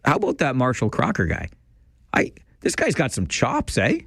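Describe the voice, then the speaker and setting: A man's voice: medium pitch, wildly swooping pitch, normal speed, vocal fry, a bit bright, dry recording, studio quality. A man hosting a radio call-in show, playful and teasing as he chats with callers. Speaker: radio talk show host.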